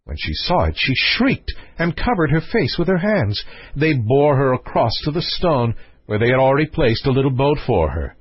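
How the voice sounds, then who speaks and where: A man reading a fairy tale aloud as narrator, with an expressive, varied delivery and a husky voice. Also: mid-range voice, normal speed, no echo, dull audio. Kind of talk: storybook reading.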